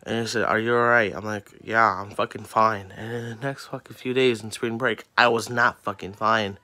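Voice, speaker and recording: A man's voice: fairly low pitch, level tone, brisk, sharp tone. Heated teenage boy ranting and swearing. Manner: profane, heated and exasperated, swearing constantly. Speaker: student venting on camera. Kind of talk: angry ranting vlog.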